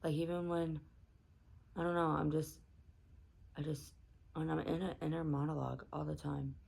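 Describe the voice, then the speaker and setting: A woman's voice: deep voice, flat delivery, normal speed, gravelly, darkish tone, slightly rough, rough recording. A woman chatting casually to camera before bed, rambling and candid with lots of fillers. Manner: rambling, candid, self-talk with many fillers. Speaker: vlogger. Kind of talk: casual bedtime talk to camera.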